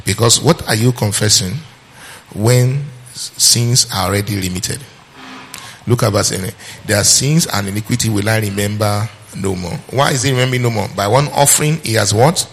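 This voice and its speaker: A male preacher delivering a sermon, reading scripture and quizzing his listeners, repeating phrases for emphasis and slowing down on key verses. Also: lowish voice, vocal fry, slight background noise.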